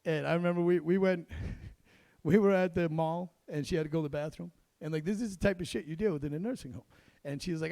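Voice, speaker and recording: Gravelly high-voiced male stand-up comic. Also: a little mellow, no echo. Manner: gruff, self-deprecating storytelling with quick asides. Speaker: stand-up comedian. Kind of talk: stand-up comedy set. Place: comedy club stage.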